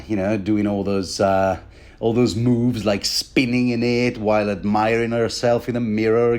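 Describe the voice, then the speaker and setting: A man's voice: lowish voice, darkish tone. A man giving a rambling, wry commentary on a book chapter, often stammering and restarting his sentences. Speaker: podcast host.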